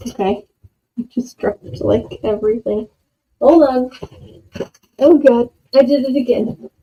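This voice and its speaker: A woman chats slowly and unhurriedly through a casual livestream from her home. She rambles, jokes at her own expense and laughs easily. Her old microphone makes the sound dull and lo-fi. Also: on the high side, slightly rough. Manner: rambling, self-deprecating, chatty with laughs. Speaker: livestream host. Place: home room with candles. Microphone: old desk microphone.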